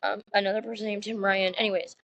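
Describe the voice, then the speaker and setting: A woman's voice: medium pitch, flat delivery, quick pace, fairly bright tone, muffled recording, slight background noise. A woman co-hosting a podcast, chatting casually and rambling, with lots of fillers. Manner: rambling, chatty, full of fillers and acted quotes. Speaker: podcast co-host. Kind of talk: casual chat.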